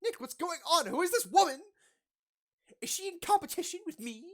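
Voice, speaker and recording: A woman voicing an excitable, dramatic young female sidekick in a game read-along, shrill and indignant. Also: a little fast. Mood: alarmed.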